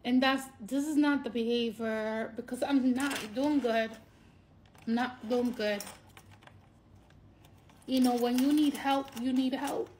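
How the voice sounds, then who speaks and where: A woman talking in a personal vlog monologue, emotional and near tears, halting and repeating herself, her voice jumping up when she is moved. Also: a little high, steady tone, darkish tone, a little hiss or hum. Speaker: vlogger.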